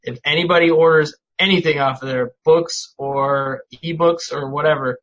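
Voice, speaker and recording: A man's voice: a little high, steady tone, normal speed, fairly bright tone, lo-fi sound. A man talking as a podcast guest in a casual chat, easygoing and supportive. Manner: supportive, easygoing, laughs along.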